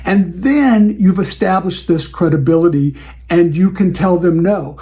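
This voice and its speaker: A man's voice: high voice, measured pace, dark tone. A man who hosts a show for wedding DJs, talking through client advice in a casual, conversational way and acting out the dialogue he has with clients.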